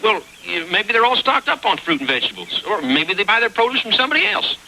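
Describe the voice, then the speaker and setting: A young actor playing a polite, nervous farm grandson who stammers and hesitates. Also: male voice, sits high, big pitch swings, fast, sharp tone, a little hiss or hum, heavily acted, low-quality recording. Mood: earnest. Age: young adult.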